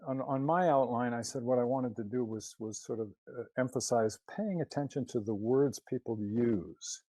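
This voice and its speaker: A man's voice: mid-range voice, normal speed, dark tone, dry recording. A man presenting a talk over his slides, hesitant with many fillers and restarts, questioning and critical of what he quotes.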